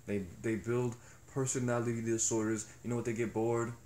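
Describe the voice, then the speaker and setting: A man's voice: medium pitch, level tone, a little fast, a little mellow. Young male vlogger, reflective and foul-mouthed, recorded in a roomy space with a faint hum. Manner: rambling, profane, reflective. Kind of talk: casual monologue. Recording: echoey room with faint ambience.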